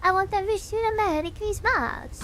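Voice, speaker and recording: A woman's voice: extremely high pitch, normal speed, background noise, pitched above the performer's own voice. A woman putting on a bad, exaggerated Transylvanian vampire count accent while singing. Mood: hammy singing. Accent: mock Transylvanian. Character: hammy Transylvanian vampire count, male, theatrical.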